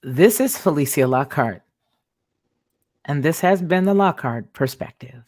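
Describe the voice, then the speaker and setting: A woman's voice: low voice, animated, measured pace, darkish tone, no echo, studio quality. A woman hosting her own show, talking in an emphatic monologue and repeating words for stress. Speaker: host. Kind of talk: monologue commentary.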